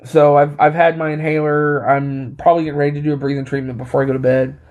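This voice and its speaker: A man's voice: on the high side, level tone, fast talker, darkish tone, dull audio. A man telling a casual story on his vlog, rambling with many fillers and restarts, a little short of breath. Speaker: vlogger.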